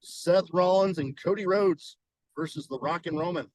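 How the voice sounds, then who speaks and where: A man's voice: high voice, moderate pace, a little mellow, no room sound, rough recording. A man co-hosting a podcast in casual chat, musing hesitantly and swearing now and then. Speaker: podcast co-host.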